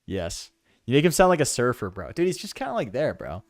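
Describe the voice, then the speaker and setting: Young male gaming streamer, animated joking delivery, dry close mic, faint game music under him. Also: mid-range voice, brisk, no echo. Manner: loud joking, reads in-game text aloud. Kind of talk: casual let's-play commentary.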